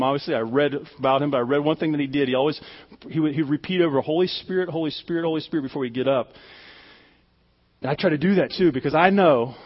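A man's voice: mid-range voice, big-room sound, muffled recording. A pastor delivering a conversational, emphatic sermon, often repeating his words as he speaks.

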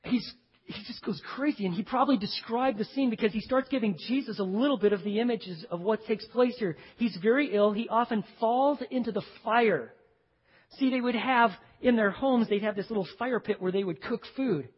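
Man, pastor, sermon, emphatic then hushed, long hall echo. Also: moderate pace, husky. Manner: emphatic, swings from loud stresses to hushed low phrases; talks straight to the congregation. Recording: dull recording with long hall reverb.

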